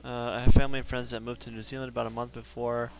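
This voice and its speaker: A man's voice: mid-range voice, level tone, very fast, vocal fry. A man streaming a game live, chatting casually and self-deprecatingly with his viewers. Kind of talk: casual live-stream chat while gaming.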